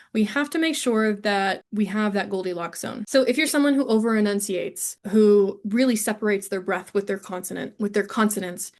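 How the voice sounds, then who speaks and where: A young woman runs a relaxed online singing lesson in a chatty, playful way. Her voice sits at an ordinary middle pitch for a woman. She talks straight into a studio microphone, friendly and informal. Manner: chatty and playful, breaks into sung examples. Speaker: voice teacher.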